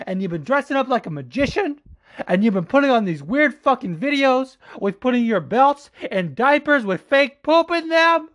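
A man giving a heated, profane opinion rant as a fight commentator, talking quickly and calling the listener "dude" over and over. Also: very high-pitched. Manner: profane, fired-up, says "dude" a lot; quick, animated delivery. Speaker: MMA commentator.

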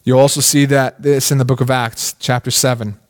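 A man's voice: medium pitch, little pitch movement, a little fast. A man preaching a sermon in a casual, conversational way, asking many questions and often saying "like". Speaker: pastor.

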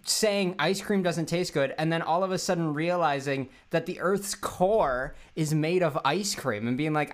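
A man's voice: fairly high pitch, moderate pace, few pauses. A young man co-hosting a casual comedy podcast, rambling through playful bits and puns. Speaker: podcast co-host.

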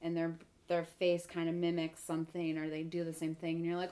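Low-voiced woman, rambling and earnest. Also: monotone, fairly quick, few pauses, dark tone. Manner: rambling, earnest, searching for words. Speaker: comedian guest. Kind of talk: casual chat.

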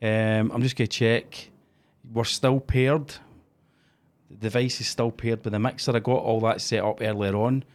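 A man's voice: mid-range voice, steady tone, moderate pace. A man hosting a podcast, chatting casually and swearing freely. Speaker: podcast host. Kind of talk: casual chat.

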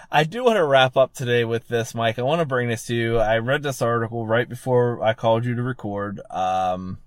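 A man's voice: medium pitch, normal speed, dry recording, clean studio sound. A man co-hosting a casual wrestling podcast, laid-back, often chuckling, running through numbers. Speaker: podcast co-host.

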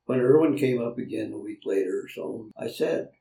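An older land developer, speaking in a gravelly, dark, fairly low voice at normal speed, tells folksy anecdotes during an interview, chuckling as he acts out the people in them. The recording is roomy and distant from the mic, with a little hiss or hum.

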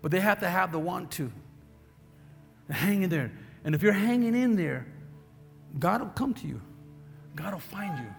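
A man's voice: high voice, lively intonation, normal speed, vocal fry, pauses often, big-room sound, soft background music. A male preacher giving an emphatic, exhorting sermon and calling for amens.

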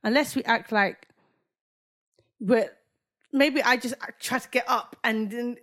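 A woman's voice: fairly high pitch, steady tone, unhurried, fairly bright tone. A woman co-hosting a casual podcast chat, mostly reacting with short interjections. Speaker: podcast co-host.

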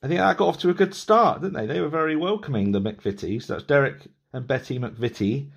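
A man's voice: medium pitch, a little fast, vocal fry, breathy edge. A man in his thirties hosting a podcast, chatting loosely with many restarts and laughs. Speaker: podcast host. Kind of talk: casual interview chat.

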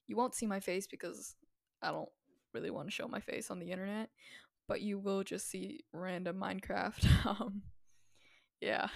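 A woman's voice: mid-range voice, creaky, dry recording, clean studio sound. A young woman hosting a casual podcast, chatty and giggly with informal slang. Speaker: podcast host.

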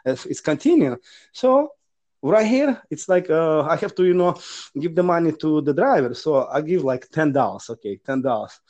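A man with as his tells funny stories in broken English and swings his pitch widely as he acts out the people in them. His voice sits a little on the high side, and his speech is quick and theatrical. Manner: animated, acts out quoted voices with non-native grammar. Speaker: guest. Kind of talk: casual storytelling.

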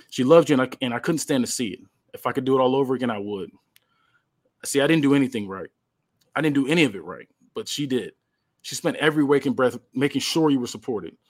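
A man voicing a grieving older brother who speaks quietly and consolingly. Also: medium pitch, close to an everyday voice.

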